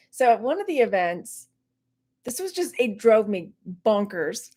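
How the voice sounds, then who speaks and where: A woman's voice: a little high, darkish tone. Chatty middle-aged woman from Texas. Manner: chatty, rambling, laughs often. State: dry mouth. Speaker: online reseller hosting a livestream. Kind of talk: casual livestream chat.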